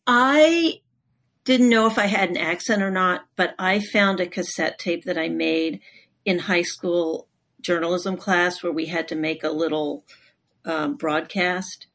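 Guest author, woman from Texas, calm reflective storyteller. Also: on the low side, measured pace. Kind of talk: conversational interview.

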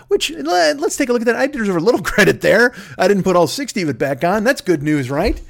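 Profane, rambling middle-aged male podcaster. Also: on the high side. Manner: profane, rambling, self-mocking. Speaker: podcast host. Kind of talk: comedic monologue. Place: home.

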